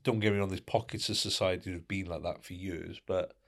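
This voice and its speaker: A man's voice: deep voice, steady tone, fast. A middle-aged man co-hosting a podcast, talking in an indignant way and firing off rhetorical questions. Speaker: podcast co-host. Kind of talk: casual podcast chat.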